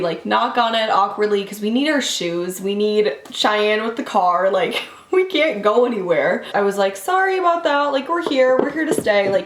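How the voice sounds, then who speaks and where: A young woman vlogger telling a casual story in a quick, chatty way, full of fillers, jumping up in pitch when she quotes people. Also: roomy sound. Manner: animated voices when quoting people.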